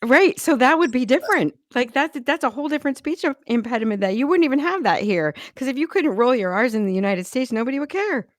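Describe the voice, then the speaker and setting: A woman's voice: high-pitched, sing-song, quick pace, few pauses, dry recording, clean studio sound. A woman co-hosting a casual podcast chat, a former speech pathologist who laughs often and trails off mid-sentence. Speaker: podcast co-host.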